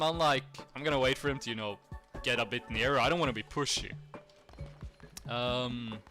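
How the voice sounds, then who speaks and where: A young man streamer telling a rambling, animated story to his chat, laughing often. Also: a little high. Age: young adult.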